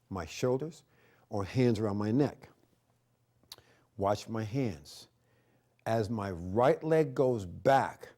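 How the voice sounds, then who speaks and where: A middle-aged man hosting a TV show as a karate instructor, energetic and preachy, repeating his points and shouting martial arts cries. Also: lowish voice. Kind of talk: martial arts lesson with motivational talk. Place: TV studio.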